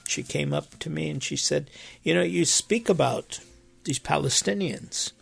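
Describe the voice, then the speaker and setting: Gravelly, husky man, earnest and emphatic. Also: a little high, unhurried. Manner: earnest, emphatic, with animated rises and quoted voices. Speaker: preacher. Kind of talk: impassioned conversational talk.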